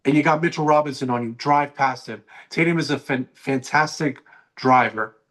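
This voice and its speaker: A man's voice: medium pitch, normal speed, fairly bright tone. Rambling young man co-host. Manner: rambling, with many restarts. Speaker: podcast co-host. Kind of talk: casual sports talk.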